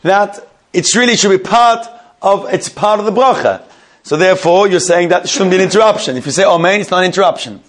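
High-voiced man teaching a text class. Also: a little fast. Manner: lively, questioning the class and praising answers. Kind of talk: reading a legal text aloud and translating it line by line.

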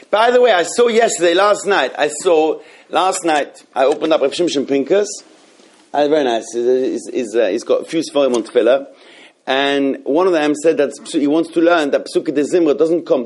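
A man teaches a religious law class, his voice sitting a little high for a man. He rambles and restarts often, stopping to search for words. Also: darkish tone. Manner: rambling, many restarts and fillers. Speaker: Torah teacher. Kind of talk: halacha class.

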